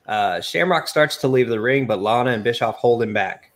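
A man reads a game's wrestling story aloud to friends in a loose, joking way. His voice sits at a medium male pitch. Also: animated, moderate pace. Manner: reads game text aloud, laughing at himself. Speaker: narrator of a game playthrough. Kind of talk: casual narrated playthrough with friends.

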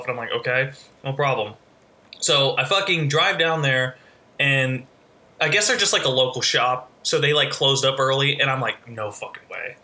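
Bright-voiced man telling a story. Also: medium pitch. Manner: storytelling, heavy swearing, lots of fillers. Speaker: podcast co-host. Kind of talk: casual chat.

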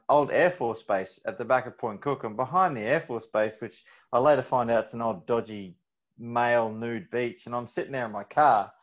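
A man, hosting a podcast and telling a candid personal story in a halting way with many fillers. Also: mid-range voice. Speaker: host. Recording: slightly dull audio.

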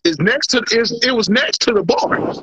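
A man casually telling a drinking story on a podcast, slangy and profane, animated as he goes. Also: extremely high pitch, normal speed, lo-fi sound, slight background noise. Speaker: podcast co-host.

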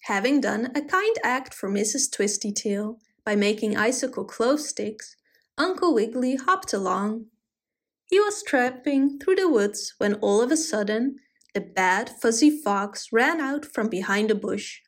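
A woman with a fairly high voice reads a children's story aloud, a little slowly, in an expressive storytelling style.

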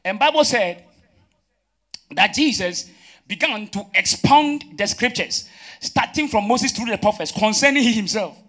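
High-voiced preacher man. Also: lively intonation, a little slow, sharp tone. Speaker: pastor. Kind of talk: sermon. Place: church.

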